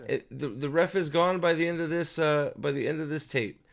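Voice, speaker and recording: A man's voice: fairly high pitch, brisk, gravelly. A man giving casual, profane video commentary as host, ranting in an exasperated way with frequent restarts.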